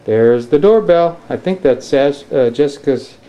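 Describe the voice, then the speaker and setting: Dad behind a home camcorder, mellow mid-range voice, earnest, breaks into sing-song calls to a toddler. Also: male voice, medium pitch, lively intonation, measured pace. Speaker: father filming his children. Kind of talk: home video narration. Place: family home, indoors. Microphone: handheld camcorder.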